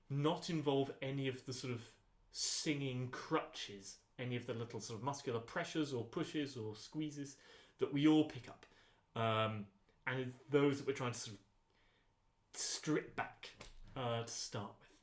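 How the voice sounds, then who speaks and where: Man, choir voice teacher, unhurried instructing, mid pitch, echoey rehearsal room. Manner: calm, unhurried instructing with frequent ums. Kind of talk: rehearsal voice lesson.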